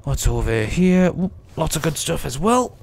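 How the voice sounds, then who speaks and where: Male let's-player with a sore throat, rambling, keeps wandering, slightly high voice. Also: big pitch swings, moderate pace, creaky. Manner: rambling, chatty, mock-grumbling at the game; drifting in and out of put-on accents. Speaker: let's play gamer. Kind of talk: casual gameplay commentary.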